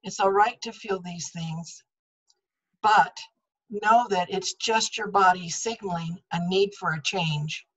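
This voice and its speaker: A woman panelist on a video call, speaking in a slow, measured way. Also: mid-range voice, a bit bright, slightly rough, poor audio.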